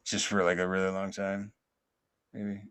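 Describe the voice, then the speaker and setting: A man hosting a podcast, reflecting in a slow, halting way with many fillers and restarts, in a soothing, almost sleepy cadence. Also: deep voice, completely flat delivery, fairly bright tone, clear, resonant tone. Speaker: podcast host.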